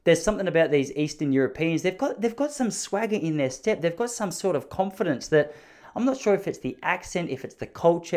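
Fast-talking Australian man in his thirties. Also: a little high. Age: 30s. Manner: rambling, jokey, acts out quoted voices. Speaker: podcast host. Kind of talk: solo storytelling podcast.

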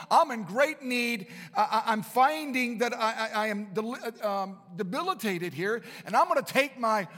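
A man's voice: very high voice, bright, forceful tone, exaggerated voice. A preacher acting out a desperate blind beggar man who begs urgently and stumbles over his words. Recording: long hall reverb.

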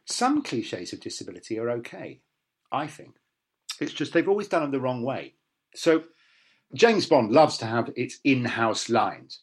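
A man's voice: medium pitch, lively intonation, normal speed, breathy edge. A middle-aged man, an actor talking bluntly and animatedly in a casual interview, often restarting his sentences.

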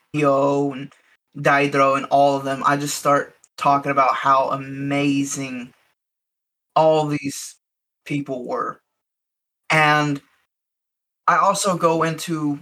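Bright-voiced man playing his character. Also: a little high, low-quality recording. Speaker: player. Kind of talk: in-character first-person role-play.

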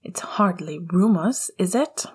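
A woman voicing a hotheaded teenage boy wizard in a fan fiction audiobook reading, sharp and heated. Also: lowish voice, animated, unhurried, breathy edge. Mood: tight angry. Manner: sharp, heated, rising to raised voice.

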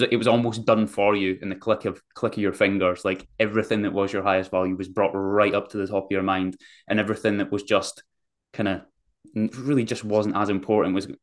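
A man's voice: on the low side, little pitch movement, a little fast. A man hosting a podcast, chatting casually with his guest, laid-back and rambling as he builds up to his questions. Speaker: podcast host. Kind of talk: casual interview chat.

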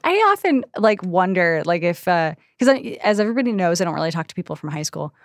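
A woman co-hosting a casual podcast. She gives thoughtful, encouraging advice in a relaxed, conversational way. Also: fairly low pitch, quick pace, no room sound, clean studio sound. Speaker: podcast co-host.

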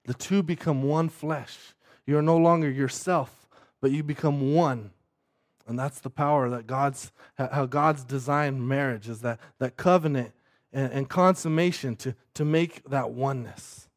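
A man's voice: medium pitch, a little slow. A man preaching a sermon who keeps asking the listeners "right?" and often repeats words as he restarts his sentences.

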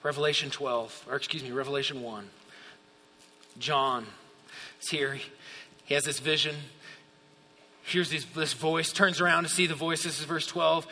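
High, bright-voiced preacher in a reverberant hall. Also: male voice, fairly even intonation, moderate pace, pauses often. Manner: swings from hushed asides to shouted exclamations of awe. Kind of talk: sermon.

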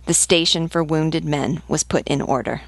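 A woman narrating an audiobook in a steady, unhurried way. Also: low-pitched, vocal fry, no room sound.

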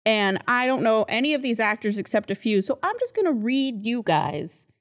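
Woman, podcast host, casual film chat, chatty, laughs a lot, slightly high voice. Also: very animated. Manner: laughing, chatty, quick asides.

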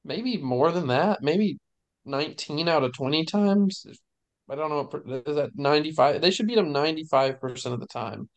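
A man's voice: fairly high pitch, moderate pace. A man on a casual sports podcast, thinking aloud as he compares games. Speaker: podcast co-host.

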